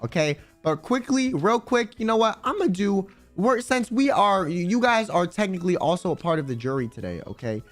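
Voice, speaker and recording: A man's voice: high-pitched, sing-song, normal speed, few pauses. A man streaming live, chatting casually with his viewers in a rambling, crude, joking way. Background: faint background music.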